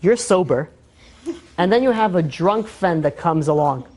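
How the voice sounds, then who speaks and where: A man, a rabbi, telling a story in a sermon with lively energy, acting out the people in the tale and filling his talk with fillers and restarts. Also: sits high, unhurried.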